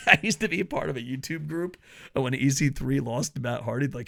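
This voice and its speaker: Male wrestling commentator with a gravelly voice and a cursing, sarcastic, animated delivery. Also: medium pitch, fairly quick. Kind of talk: casual ranting commentary.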